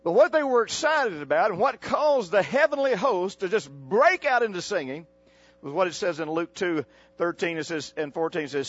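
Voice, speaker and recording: A male pastor delivering a folksy sermon, calling on the congregation to repeat his words and jumping up into sudden exclamations. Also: lo-fi sound. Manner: preaching with call-and-response to the congregation; folksy, animated, with sudden pitch jumps.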